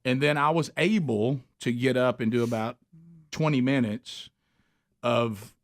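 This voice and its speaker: A man with an Alabama accent, a loud and gregarious radio host telling a story on air. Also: mid-range voice, steady tone, measured pace. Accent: Southern US, Alabama. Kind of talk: animated storytelling on a radio show.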